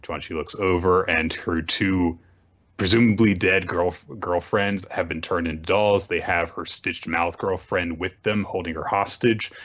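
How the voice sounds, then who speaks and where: Male podcast co-host, low voice, casual recap with wry asides, dull lo-fi audio. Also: fairly bright tone. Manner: quick, joking summary with dry asides. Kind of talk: casual chat, recapping manga chapters.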